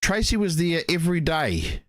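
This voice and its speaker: A man's voice: on the high side, big pitch swings, normal speed, no echo, studio quality. A man co-hosting a racing show, telling long rambling stories full of "mate, you know". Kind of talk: casual chat.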